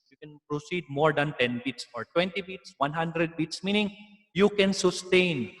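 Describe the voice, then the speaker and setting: A man's voice: on the high side, fairly bright tone, big-room sound. A man with a Filipino accent teaching an online music lesson, explaining patiently and slipping in Tagalog asides.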